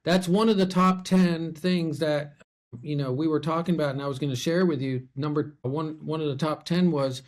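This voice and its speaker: A man's voice: a little high, steady tone, moderate pace. A middle-aged man who works as a loan officer, speaking in a conversational, storytelling way as a podcast guest. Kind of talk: casual podcast chat.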